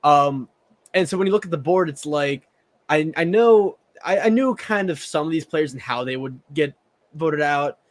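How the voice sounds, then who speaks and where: A man's voice: a little high, lively intonation, normal speed. Chatty Southern man co-hosting a podcast. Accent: Southern American. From American South. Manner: chatty, repeats words when starting sentences. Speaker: podcast co-host. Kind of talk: casual chat.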